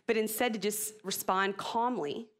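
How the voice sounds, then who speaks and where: A middle-aged woman giving an expressive, casual talk to church parents, chatty and laughing at herself. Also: mid-range voice, moderate pace.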